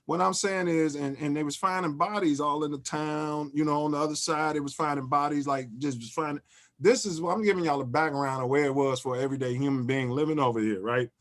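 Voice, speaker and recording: A man, hosting and telling a story in casual chat, animated and repeating and restarting his phrases. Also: a little high, fast talker. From Chicago. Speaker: host.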